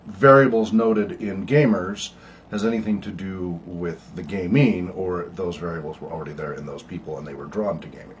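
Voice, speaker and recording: A man's voice: sits low, normal speed, slight background noise. An older man hosting an online meeting about his research project, talking casually with many ums and uhs, wheezy and coughing from asthma. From United States. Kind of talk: casual informative talk.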